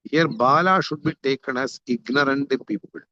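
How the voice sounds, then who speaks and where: A man's voice: medium pitch, moderate pace, bright, forceful tone, no echo, dull audio. A man teaching a scripture class, glossing Sanskrit terms one by one and repeating points for emphasis. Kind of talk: lecture explaining a Sanskrit text.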